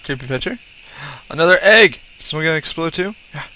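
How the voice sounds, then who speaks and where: Rapid-fire and lively, a young man with a high, sharp voice narrates his own gameplay in casual let's-play style. He's easily startled, yelping, swearing, humming, and talking to himself.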